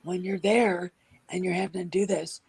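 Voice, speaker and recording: A woman with a husky voice chatting casually, telling animated stories and acting out what people said. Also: on the low side, normal speed, low-quality recording. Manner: animated storyteller, acts out quotes. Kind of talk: casual chat.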